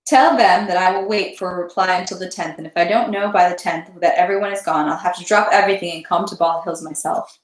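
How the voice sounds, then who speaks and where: A man's voice: sits high, fairly even intonation, fast, few pauses, roomy sound, natural voice, rough recording. A woman reading as a curt, weary young prince. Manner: curt, commanding.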